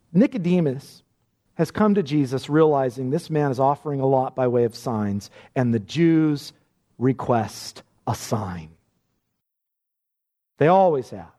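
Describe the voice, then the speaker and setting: High, lively-voiced preacher. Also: male voice. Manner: emphatic, repeats words and restarts phrases. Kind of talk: expository sermon.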